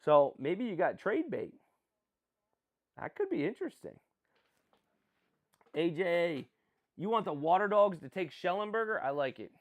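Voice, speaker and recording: A man's voice: high voice, very animated, a little slow, pauses often. A man hosting a casual live stream, rambling, making jokey asides and answering viewers as he reacts to picks. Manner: rambling, jokey, self-deprecating, chats with viewers. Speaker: livestream host.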